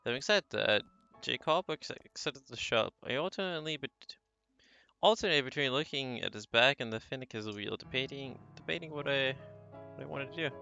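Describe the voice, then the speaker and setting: A man voicing a young newlywed wife who narrates her story in a gentle, reflective way, in a slightly dull lo-fi recording. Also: medium pitch, expressive, normal speed, creaky, smooth, faint music behind.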